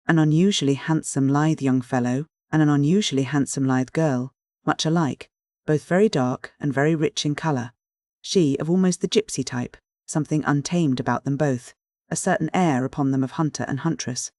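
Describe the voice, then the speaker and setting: Steady audiobook narrator, dry sound. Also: medium pitch, no room sound.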